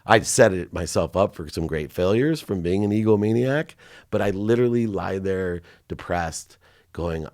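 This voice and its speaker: A man's voice: deep voice, normal speed, darkish tone, no room sound, studio quality. A middle-aged man, a podcast guest, telling candid personal stories with feeling, choking up at times.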